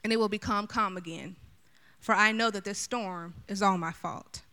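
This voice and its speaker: A woman voicing a guilty runaway male prophet in a calm, plain reading. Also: mid-range voice, moderate pace. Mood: resigned.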